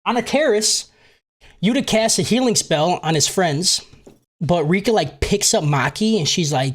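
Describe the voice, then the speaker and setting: A man's voice: a little high, animated, measured pace. A man casually recapping an anime film on a podcast, swearing a lot and jokingly acting out the characters. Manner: profane, jokey, acts out characters in silly voices. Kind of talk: casual comedic chat.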